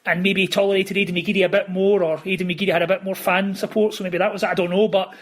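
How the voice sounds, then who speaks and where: Fast-talking husky man telling stories. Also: high-pitched, flat delivery, fairly bright tone. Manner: rambling, with many restarts and "you know". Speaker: author guest. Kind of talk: casual podcast interview, storytelling.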